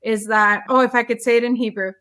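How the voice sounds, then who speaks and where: A woman's voice: on the high side, fairly even intonation, fast, bright, forceful tone. A woman who is an airline pilot, talking earnestly in an interview and repeating phrases for emphasis. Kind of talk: faith-filled interview talk.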